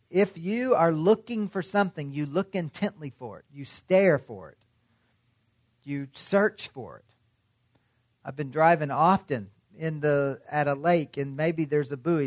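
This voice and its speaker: A man's voice: a little high, no echo, studio quality. A man preaching a sermon in a conversational way, often asking his listeners questions. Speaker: pastor.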